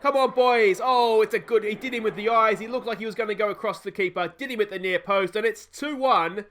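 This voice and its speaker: An Australian gaming YouTuber provides excitable let's play commentary, worrying aloud about tactics and yelling whenever a goal goes in. He has a high-pitched voice and talks fast.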